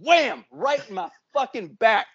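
A man in his forties, a podcast co-host, telling a profane story with lots of swearing and loud sound effects. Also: high-pitched, animated, normal speed, no echo, dull audio. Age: 40s.

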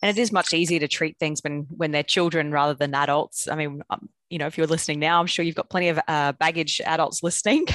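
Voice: mid-range voice, fairly even intonation, quick pace, a bit bright, no room sound. Podcast host, chatty questions, lots of ums, dry close sound. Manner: chatty, laughs, hesitant fillers. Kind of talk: casual interview questions.

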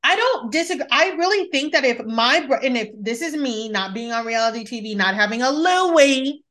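Bright-voiced woman podcast host. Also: high-pitched, expressive, normal speed. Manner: candid, profane, with many restarts. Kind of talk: casual chat.

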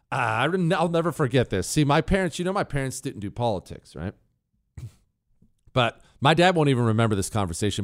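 A man in his forties hosting a solo talk radio show, ranting sarcastically and mocking with bursts of laughter. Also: mid-range voice.

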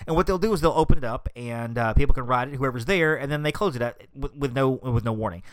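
A man's voice: medium pitch, quick pace, dry recording. Chatty man hosting a podcast. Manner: chatty, upbeat, thinks aloud. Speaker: podcast host. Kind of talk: casual solo podcast talk.

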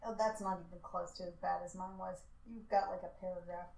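A woman's voice: fairly low pitch, steady tone, fairly quick, vocal fry, darkish tone. A woman reading a classic novel aloud in a home recording studio, teasing her partner dryly between takes. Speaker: audiobook co-narrator.

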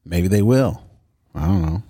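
A man with a somewhat low voice banters loosely on a podcast, swearing and laughing as he riffs. The sound is dry and close, with no room echo. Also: expressive, measured pace, mellow. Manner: joking, profane, laughs often. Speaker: podcast co-host.

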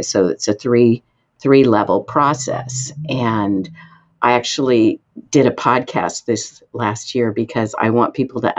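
A woman guest expert answering interview questions, explaining in an emphatic way with sudden lifts in pitch. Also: a little mellow, dull audio.

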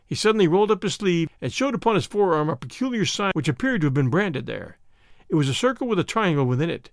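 A man narrating a story aloud in an expressive, dramatic reading. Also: fairly high pitch, fast talker, dry recording, studio quality. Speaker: audiobook narrator. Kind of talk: scripted narration.

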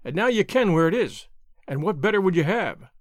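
A man's voice: high voice, lively intonation, brisk, dry recording, studio quality. A man reading as a wary, musing traveler.

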